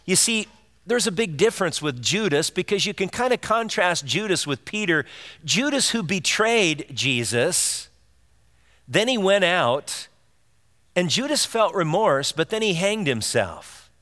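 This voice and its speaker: A man's voice: sits high, very animated, unhurried, sharp tone. A man preaching a sermon as pastor, earnest and direct, asking his listeners rhetorical questions. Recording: long reverb of a large hall.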